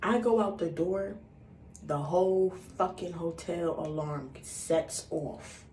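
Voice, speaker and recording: A young woman in her twenties tells a story in a loose, animated way, swearing freely and acting out quotes. Her voice sits on the low side. She sounds a little far from the mic in a reverberant room, with faint noise behind her. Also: slow. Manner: animated, profane, acts out quotes. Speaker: vlogger. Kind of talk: casual storytime. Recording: roomy, distant mic, faint background noise.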